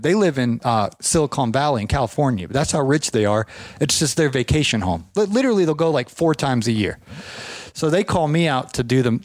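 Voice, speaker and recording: A man who runs a lawn care business, telling rambling, animated anecdotes in casual chat. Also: medium pitch, no echo, studio quality.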